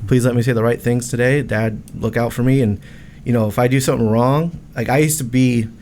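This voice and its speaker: A man in his forties from Arizona talks as a podcast guest, earnest and heartfelt, often restarting his sentences. He speaks quickly at a middle pitch. Faint room noise sits under his voice. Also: steady tone, darkish tone. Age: 40s. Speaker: podcast guest, luxury realtor. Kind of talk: casual interview talk.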